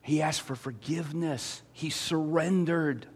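A man preaching a sermon, telling stories with big swings from quiet, low passages to loud, excited ones. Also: measured pace, breathy edge. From former dairy farmer. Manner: animated storytelling, swings from soft to loud. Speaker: pastor.

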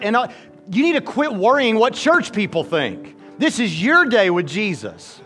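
A man preaching an altar call, folksy and joking, with an animated, lively delivery. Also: high-pitched, normal speed, faint music behind. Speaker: pastor.

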